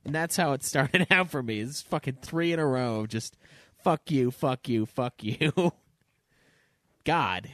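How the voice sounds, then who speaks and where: A man's voice: mid-range voice, a little slow, fairly bright tone, dry recording, clean studio sound. A man co-hosting a casual gaming podcast, rambling through a profane story and laughing often. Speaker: podcast co-host.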